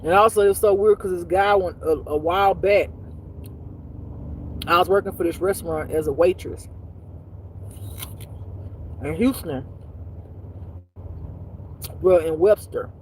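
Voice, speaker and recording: A woman telling a personal story as a spiritual life teacher, in a blunt, profane, animated way that swings between loud and hushed. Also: lowish voice, unhurried, pauses often, slight background noise. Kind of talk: casual storytelling monologue.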